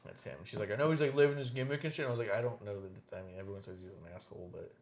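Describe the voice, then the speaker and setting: A man hosting a casual wrestling podcast, telling stories with lots of swearing and lively animation. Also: on the low side, rapid-fire. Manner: animated, profane storytelling. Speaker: podcast host.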